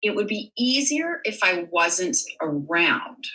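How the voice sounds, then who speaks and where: Frank, bright-voiced woman guest. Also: on the low side, sing-song, slow, recorded from a distance, low-quality recording. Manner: frank, open, swears casually. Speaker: podcast guest. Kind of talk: candid podcast conversation.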